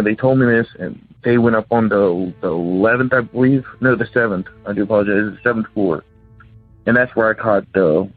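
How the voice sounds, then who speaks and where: A man's voice: fairly low pitch, no echo. Rambling man on a tinny phone line. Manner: rambling, hesitant, many restarts. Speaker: caller telling a ghost story. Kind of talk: casual phone-in storytelling.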